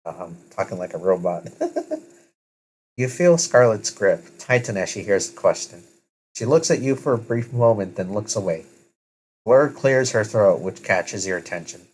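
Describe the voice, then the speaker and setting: Male story reader, lowish voice, casual, stops to fix his slips. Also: animated, normal speed, a little hiss or hum, poor audio. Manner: self-correcting, casual. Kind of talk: second-person story narration.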